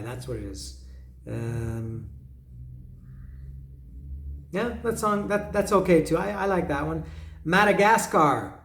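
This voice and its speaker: Man, solo album-review host; hesitant, musing delivery, hums melodies; slightly high voice, roomy echo. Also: expressive, normal speed. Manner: musing, hesitant, humming melodies and reading lyrics aloud. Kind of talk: casual solo commentary.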